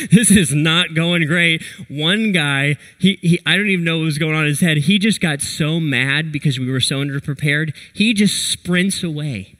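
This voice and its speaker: A man delivers a sermon through a personal story. His voice sits a little high for a man. He tells it with animated energy and briefly acts out what he and others said. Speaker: pastor.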